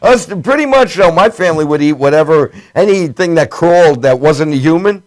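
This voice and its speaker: A man's voice: a little high, lively intonation, fairly quick. A middle-aged man hosting a comedy talk show, joking and laughing often in casual chat.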